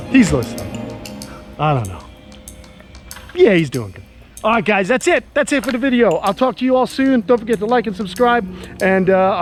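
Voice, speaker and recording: An enthusiastic man chatting casually in an outdoor vlog while walking around his animal camp. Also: mid-range voice. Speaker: animal keeper and vlogger.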